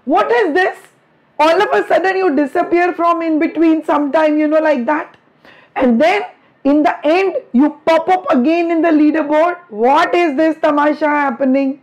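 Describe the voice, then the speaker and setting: A woman's voice: high voice, normal speed, a little mellow. A middle-aged woman teacher with an Indian English accent, chatting fondly with her students in a live online class, her throat a little strained from lecturing. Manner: chatty, affectionate, teasing with students.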